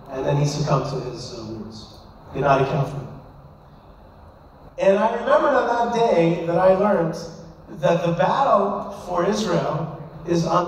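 A man's voice: high-pitched, a little hiss or hum. A man, a rabbi, telling an emphatic, impassioned story to a live audience. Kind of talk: storytelling speech. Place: large hall. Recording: echoey hall from far off.

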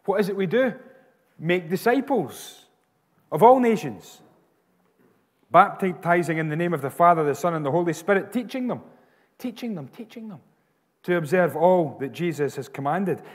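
A Scottish pastor preaching a sermon with emphatic, repeated phrases. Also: male voice, high-pitched, husky, long reverb tail.

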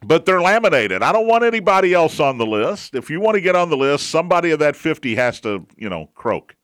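Sports radio host, male, somewhat high voice, dry close sound, opinionated and repetitive. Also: very animated, a little fast, a bit bright, smooth, dry recording. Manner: chatty, opinionated, repeats points for emphasis. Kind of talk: sports talk commentary.

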